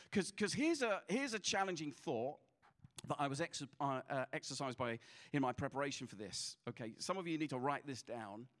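A middle-aged pastor preaches with a fairly high voice. He talks conversationally and tells his stories with animation, often stumbling and restarting a phrase before pressing on. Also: fairly bright tone. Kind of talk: sermon.

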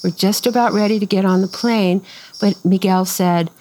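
Older woman, lively rambling storyteller. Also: medium pitch, normal speed, low-quality recording. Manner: lively, acts out quoted voices, rambling restarts. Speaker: farm owner telling her story. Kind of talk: casual storytelling interview.

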